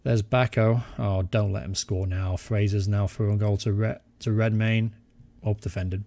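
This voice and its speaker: A young man giving excitable live commentary over a football management game, cheering at goals. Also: lowish voice, normal speed. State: out of breath. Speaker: gaming channel host.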